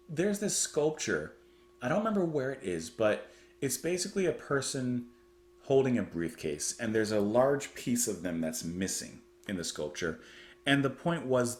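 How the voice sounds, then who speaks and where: A man's voice: mid-range voice, big pitch swings, moderate pace, roomy sound. A man giving casual reaction commentary on music, chatty and thoughtful as he muses aloud.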